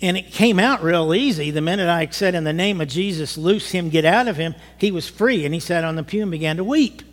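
High-voiced man preaching in a reverberant hall. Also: a little fast. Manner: animated, rising to emphatic bursts. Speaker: pastor. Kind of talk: sermon. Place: church sanctuary.

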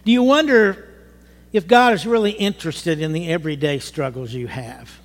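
A middle-aged man preaching a sermon to his church, animated, rising to emphatic bursts. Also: fairly high pitch, normal speed. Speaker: pastor. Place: church sanctuary. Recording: long hall reverb.

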